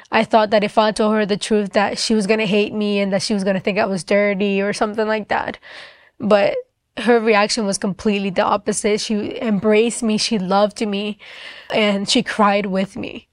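A woman's voice: medium pitch, dry recording. A young woman giving a personal faith testimony, talking casually with many fillers and quoting herself as she retells painful memories.

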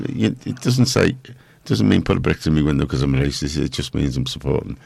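A man's voice: extremely low pitch, lively intonation, fairly quick, gravelly, darkish tone, breathy edge, dry recording. A man hosting a local radio show, chatting casually in a rambling, jokey way. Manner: rambling, jokey, self-mocking. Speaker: radio host.

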